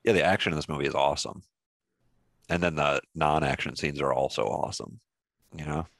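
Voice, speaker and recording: A man with a low, gravelly voice, co-hosting a podcast in a relaxed, agreeable way. He drops easygoing asides into the conversation. He is recorded close in a very dry space. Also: brisk, dry recording. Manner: laid-back, agreeable, chuckling asides. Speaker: podcast co-host. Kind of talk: casual movie chat.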